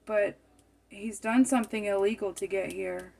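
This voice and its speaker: A tarot reader works through a spread in a loose, musing monologue, her medium-pitched, slightly mellow voice carrying a gravelly fry. She speaks at normal speed with fairly even intonation, circling back to repeat and rephrase her words.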